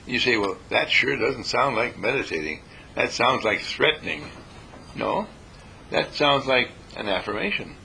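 The Californian dean and spiritual teacher speaks with a mid-range, gravelly, husky voice that is pushed and bright, his intonation lively but his pace measured. His spoken meditation lesson is folksy and repetitive, dotted with panicked voices, and the low-quality recording has faint noise.

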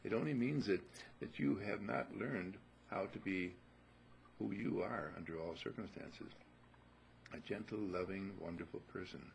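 A man giving a teaching talk to a group, who often acts out little dialogues and clears his throat. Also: low-pitched, moderate pace, slight background noise, rough recording.

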